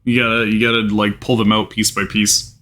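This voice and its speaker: A man's voice: on the low side, little pitch movement, a little fast, sharp tone. A man in casual chat, tossing in playful jokes and quips.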